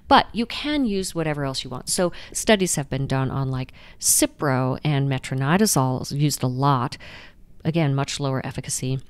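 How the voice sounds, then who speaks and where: Woman doctor, low smooth voice, chatty explainer w lots of restarts. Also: moderate pace, no room sound. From United States. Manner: lively, explanatory, frequent restarts and "you know". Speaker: guest doctor. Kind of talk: conversational interview answers.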